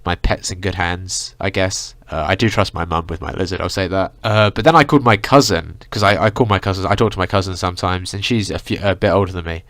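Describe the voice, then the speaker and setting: A young man vents in a heated, swearing vlog rant, stuffed with "like" and "you know". His voice sits low for a man. The sound is dry and close, with no room echo. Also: fast talker, hardly any pauses, fairly bright tone. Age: young adult. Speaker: vlogger. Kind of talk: ranting vlog monologue.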